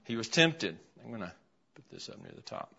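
A man's voice: on the low side, wildly swooping pitch, a little fast, creaky, pushed and bright, slight background noise. A man teaching an interactive Bible lesson in a classroom, asking his class questions as he writes a list on the board. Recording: dull, lo-fi classroom recording.

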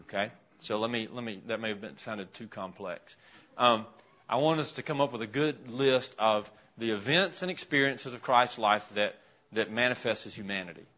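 A man's voice: on the low side, moderate pace, sharp tone. A man teaching an interactive Bible lesson in a classroom, asking his class questions as he writes a list on the board. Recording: dull, lo-fi classroom recording.

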